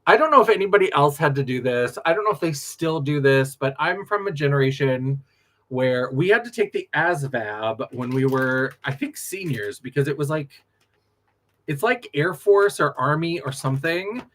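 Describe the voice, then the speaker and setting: A man's voice: a little high, expressive, moderate pace, a bit bright. A man from North Dakota, a drag performer telling stories in a sassy, laughing late-night chat.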